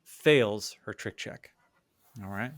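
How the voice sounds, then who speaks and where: Slow-narrating male game master. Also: on the low side.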